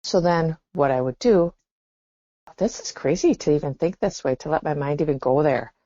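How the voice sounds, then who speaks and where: A woman's voice: low-pitched, moderate pace, mellow, no room sound. A woman co-hosting a podcast, talking in a reflective, exclamatory way. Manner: reflective, exclaims and laughs often. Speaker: podcast co-host. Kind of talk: casual chat. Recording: dull dry lo-fi sound.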